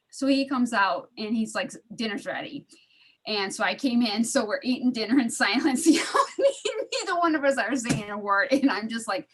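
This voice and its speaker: A woman's voice: medium pitch, animated, normal speed, fairly bright tone. A middle-aged woman chatting casually on a video call, laughing often and acting out the voices in a story. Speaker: study group participant. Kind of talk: casual storytelling in an online group.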